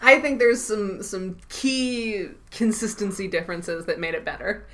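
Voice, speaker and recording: A woman's voice: medium pitch, unhurried. Chatty woman co-hosting a recap podcast. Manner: animated, laughs often, swears casually. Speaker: podcast co-host recapping a TV episode. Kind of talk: casual chat.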